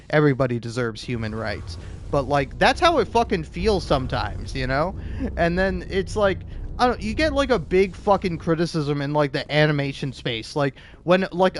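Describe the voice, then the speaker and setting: A man hosting a gaming video, ranting casually with constant swearing and lots of filler words, building into loud outbursts. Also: a little high, a little hiss or hum. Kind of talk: casual profane rant.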